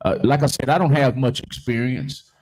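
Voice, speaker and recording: A man hosting a casual live-stream talk show, joking loudly, swearing freely and reading viewer comments aloud. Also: mid-range voice, moderate pace. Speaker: livestream talk show host.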